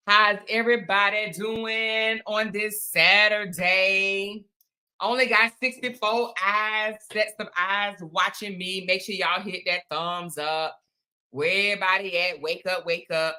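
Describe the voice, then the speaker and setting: A woman's voice: medium pitch, steady tone, a little slow, sharp tone. A woman hosting a casual livestream, chatting with viewers, greeting them by name and calling them y'all and honey. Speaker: livestream host. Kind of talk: casual live-stream chat with viewers.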